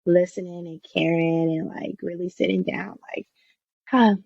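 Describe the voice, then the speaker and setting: A woman's voice: fairly low pitch, fairly even intonation, unhurried, creaky, a little mellow. A woman co-hosting a podcast, reflecting casually in a rambling way. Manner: rambling, reflective, laughs easily. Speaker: podcast co-host. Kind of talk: casual chat. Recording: dull lo-fi sound.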